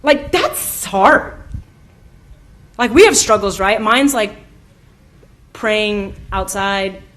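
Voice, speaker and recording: A young woman in her twenties speaks very slowly in a mid-range, expressive, slightly bright voice at a youth event in an indoor community room. Her funny personal stories build toward a faith message, and she laughs often, says "like" a lot, and acts out the people she describes.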